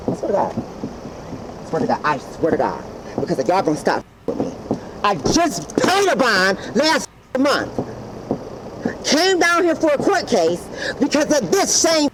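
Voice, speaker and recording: A detainee arguing angrily with police, repeating oaths over and over. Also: medium pitch. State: agitated. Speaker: person being detained. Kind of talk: heated argument with police. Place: outdoors at a hotel. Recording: noisy police camera footage.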